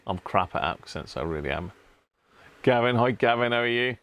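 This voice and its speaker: A man's voice: mid-range voice, expressive, measured pace, pauses often, a bit bright, no room sound. A man hosting a casual live stream from his home workshop, chatting with viewers and greeting them one by one by name.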